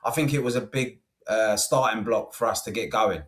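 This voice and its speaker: A man co-hosting a casual football chat, relaxed and sweary. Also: lowish voice, moderate pace. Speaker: co-host.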